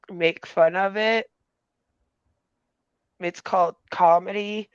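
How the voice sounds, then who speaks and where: Gravelly, foul-mouthed ranting woman. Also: fairly low pitch, dry recording. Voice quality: heavy swearing, mocking impressions of critics. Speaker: commentary streamer. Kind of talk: angry ranting commentary. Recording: dull lo-fi dry sound.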